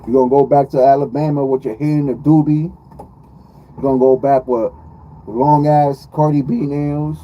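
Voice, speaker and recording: A man's voice: medium pitch, fairly even intonation, normal speed, lo-fi sound. Joking New York man live streaming. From New York City. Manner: joking, slangy, repeats his phrases. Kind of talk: casual live-stream chat.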